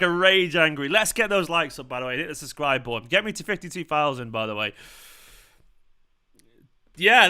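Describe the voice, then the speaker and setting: A man hosting a live football watchalong, ranting and cursing at the officials. His voice is bright and fairly high. He talks like a fired-up fan. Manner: ranting, swearing, shouting in celebration. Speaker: football fan channel host. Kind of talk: live match watchalong commentary.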